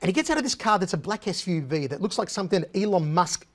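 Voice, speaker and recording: A man in middle age spins a funny story with lots of energy. His voice sits high for a man, and he uses a casual, chatty style. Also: fast. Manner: animated, comic storyteller. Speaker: guest, former TV interviewer.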